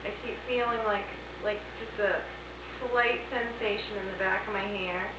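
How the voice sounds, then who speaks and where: A woman investigating a haunted theater who talks in a hushed, nervous way and says she is shivering with cold. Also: medium pitch, steady tone, normal speed, roomy sound, noisy background. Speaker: paranormal investigator. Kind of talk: calling out to spirits, then debriefing. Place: dark old theater.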